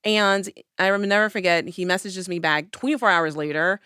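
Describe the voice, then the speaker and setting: On a podcast, a young host casually tells a personal story, animatedly acting out her own past lines. Her fairly low voice is pushed and bright yet smooth, at a moderate pace, recorded studio-quality on a podcast mic with no echo.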